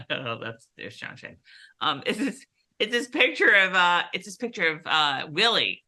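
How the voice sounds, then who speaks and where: A woman's voice: lowish voice, big pitch swings, a little slow, pushed and bright. A woman co-hosting a casual TV recap, chatty, with many fillers and restarts. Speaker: podcast co-host.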